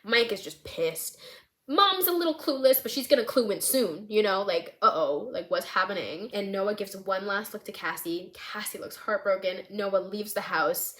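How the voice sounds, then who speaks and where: A young woman vlogging casually, retelling her script with lively, expressive storytelling and frequent fillers. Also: mid-range voice, moderate pace. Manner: animated storytelling, many "like" fillers. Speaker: vlogger writing a film script. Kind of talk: casual chat.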